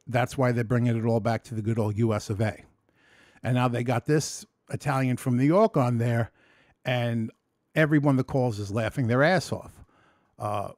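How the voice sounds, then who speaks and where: A man in a candid personal vlog, speaking at a middling pitch that is neither deep nor high. He rambles emotionally, restarting sentences and swearing freely. The recording is dry and close, with no room sound. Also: dry recording. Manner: swings between excited storytelling and low, subdued reflection. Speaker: vlogger.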